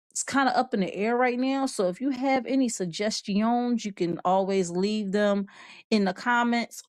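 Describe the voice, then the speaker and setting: This show host speaks in a mid-range voice with no room sound around her. She keeps her live online chat relaxed and rambling, often laughing and sharing what viewers write.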